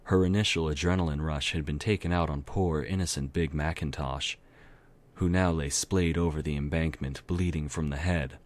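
A man narrates a dark fantasy tale, moving along at a steady pace and now and then going back to fix a slip. His voice is extremely deep and rumbling throughout. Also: normal speed. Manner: steady narration with occasional self-corrections. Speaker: amateur story reader. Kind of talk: dramatic reading of fan fiction.

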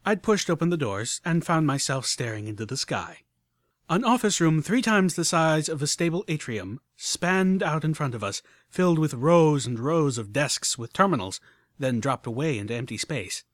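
A man narrating a story in the first person with expressive, animated delivery. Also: on the high side, moderate pace, no echo. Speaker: audiobook narrator.

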